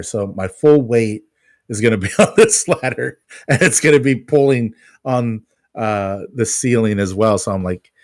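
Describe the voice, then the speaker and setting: A man's voice: medium pitch, no echo, clean studio sound. A man co-hosting a podcast, telling a self-mocking story about his work as a pest control technician.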